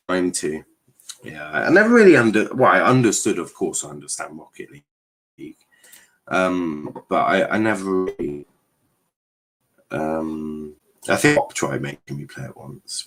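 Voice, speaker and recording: Young man, low-pitched, sweary, chatty watchalong streamer reading chat. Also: a bit bright. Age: young adult. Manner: sweary, jokey, reads chat aloud. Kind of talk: casual live football commentary.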